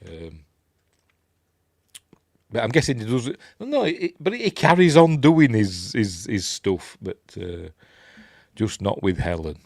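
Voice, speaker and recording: A rambling Yorkshire man talks through a film in a casual review. His voice sits fairly low but swings widely up and down as he slips into the characters' lines. The sound is close and dry. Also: very animated, takes it slowly, pauses often, darkish tone, no echo. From Yorkshire, England. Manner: rambling and chatty, chuckling, acting out quoted lines in raised voices.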